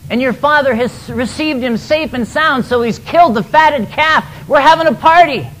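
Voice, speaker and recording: A man voicing an eager household servant in a retold parable, announcing news excitedly. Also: very high voice, moderate pace, a little hiss or hum, pitched above the performer's own voice, low-quality recording.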